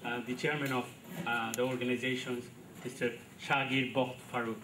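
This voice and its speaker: Male emcee introducing speakers, halting and pausey, echoey room with noise behind. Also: medium pitch, level tone. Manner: halting, with pauses between phrases. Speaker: master of ceremonies. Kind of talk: formal event announcing. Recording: echoey hall with background noise.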